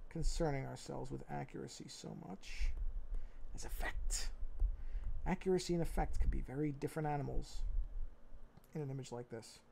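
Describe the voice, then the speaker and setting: A man's voice: mid-range voice, fairly even intonation, moderate pace, creaky, pauses often, warm tone, a little hiss or hum. A man streaming his drawing session, thinking aloud in a rambling, self-correcting way and mumbling as he looks down away from a fixed mic. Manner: mumbly while looking down. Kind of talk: casual livestream commentary while drawing. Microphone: fixed mic while head faces down at a tablet.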